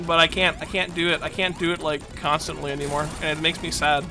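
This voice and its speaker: A woman's voice: deep voice, steady tone, fast talker, few pauses, bright, forceful tone. A woman streaming a video game, chatting casually and rambling, self-deprecating and laughing often. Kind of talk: casual gaming stream chat. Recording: game music behind.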